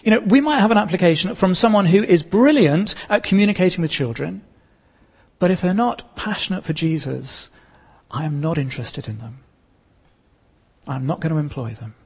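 Male pastor, sermon delivery, earnest and emphatic, gravelly voice. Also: high voice, darkish tone, in a large hall. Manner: earnest preaching with pauses and emphatic repetition.

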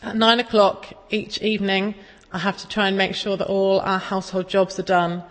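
A woman preaches in a relaxed, conversational way, in a mid-range voice. She tells homely stories with a self-deprecating humour. Her voice rings out with a long reverb, as in a large church hall. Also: mid-range voice, normal speed. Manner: chatty, self-deprecating storytelling. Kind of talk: casual sermon.

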